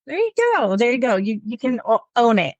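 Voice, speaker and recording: A woman guest in a casual chat who chimes in with quick, chirpy remarks. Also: fairly high pitch, expressive, no echo, highs cut off.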